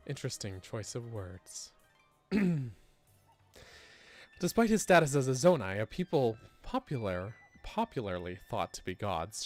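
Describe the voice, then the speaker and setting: A man voicing an eager, fussy male historian, reading game dialogue aloud in a theatrical, wordy way. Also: mid-range voice. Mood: enthusiastic.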